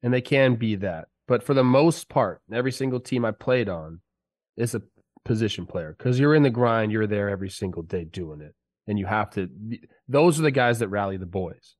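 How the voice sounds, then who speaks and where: A man's voice: lowish voice, lively intonation, normal speed. A man who used to play pro ball, talking sports on a podcast in a heated, emphatic way while sick. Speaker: podcast co-host, former player. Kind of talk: casual sports talk. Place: podcast studio.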